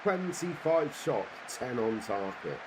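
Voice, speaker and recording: A man's voice: medium pitch, sing-song, slow pace, noisy background. A man streaming a football management game, giving casual live commentary and cheering and groaning at the screen.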